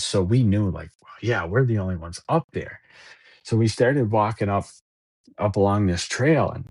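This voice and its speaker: A man with a low, husky voice tells a story in a loose, rambling way. He stumbles over and repeats words while acting out bits of dialogue. The sound is close and dry. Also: darkish tone, no room sound. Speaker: podcast guest. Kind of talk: casual storytelling.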